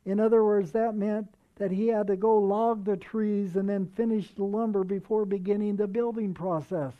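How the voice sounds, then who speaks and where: Preacher at mid pitch, earnest and chatty, leans on key words; dull lo-fi recording. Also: steady tone. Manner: earnest, conversational, with slowed, stressed readings of verses. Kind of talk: sermon, reading and explaining scripture.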